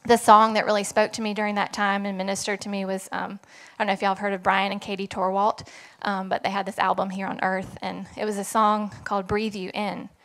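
Woman giving a halting church testimony. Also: mid-range voice, little pitch movement, a bit bright. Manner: hesitant, many ums and likes, a little nervous. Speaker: congregation member giving testimony. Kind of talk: personal testimony.

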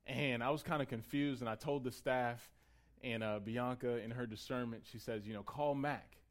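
A man preaching a sermon in a conversational way. He builds to emphatic peaks and then drops to a quiet, close tone. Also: medium pitch, fairly even intonation, moderate pace. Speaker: pastor.

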